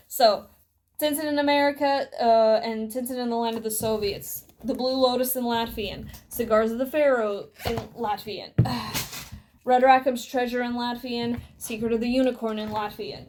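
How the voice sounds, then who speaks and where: Brief: fairly high-voiced woman, rambling casual vlogger, swears freely, recorded at home on a camera mic. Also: darkish tone, a little hiss or hum. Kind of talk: casual show-and-tell vlog.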